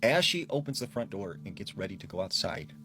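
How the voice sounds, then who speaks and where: A man casually narrating a scary story in a calm, low-key way. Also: a little fast. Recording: with faint background music.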